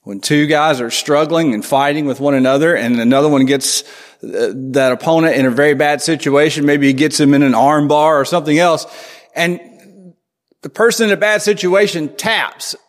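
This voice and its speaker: A man's voice: on the high side, moderate pace. A man preaching a sermon to his congregation in a conversational way, asking them questions as he goes. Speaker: pastor. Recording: long hall reverb.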